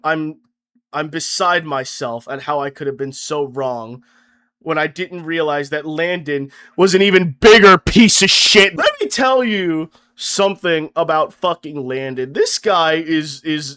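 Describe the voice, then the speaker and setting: Sarcastic high-voiced young man ranting. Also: fairly bright tone, smooth. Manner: sarcastic, profane, stammering restarts. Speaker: vlogger. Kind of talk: comedic rant to camera.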